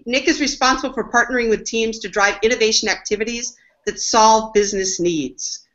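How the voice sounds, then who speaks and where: A woman's voice: on the high side, fairly quick, fairly bright tone. A woman hosting a business webinar, introducing panelists in an upbeat, enthusiastic way over dull lo-fi webinar audio. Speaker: webinar host, marketing executive.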